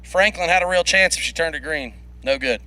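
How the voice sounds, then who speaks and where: Male race announcer, bright slightly high voice, fast play-by-play, jokey. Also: low-quality recording. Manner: quick play-by-play, laughs often. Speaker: drag racing commentator. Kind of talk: live race commentary. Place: racetrack broadcast booth.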